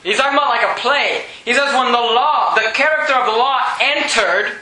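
A man preaching a sermon, reading scripture slowly and swinging from raised, emphatic lines to low, quiet ones. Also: roomy sound, low-quality recording.

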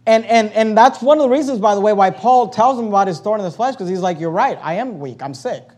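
A man preaching a sermon as pastor, reading scripture aloud and building to loud emphatic stretches. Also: high-pitched, fast.

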